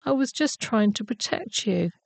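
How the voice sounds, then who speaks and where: A woman's voice: fairly high pitch, animated, moderate pace, vocal fry, a little mellow, no echo, pitched above the performer's own voice. A woman doing a scared little boy bunny. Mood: earnest. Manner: earnest, apologetic.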